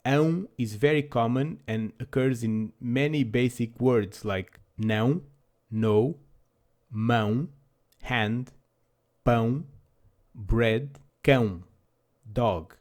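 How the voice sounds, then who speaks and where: A man's voice: medium pitch, slow pace, pauses often, darkish tone. A man narrating a scripted language lesson with dry, self-deprecating humor. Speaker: language teacher.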